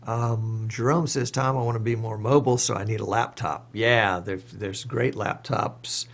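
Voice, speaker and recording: A man's voice: lowish voice, steady tone, normal speed, creaky. A man hosting a live stream, reading viewer comments aloud and answering them off the cuff in casual chat.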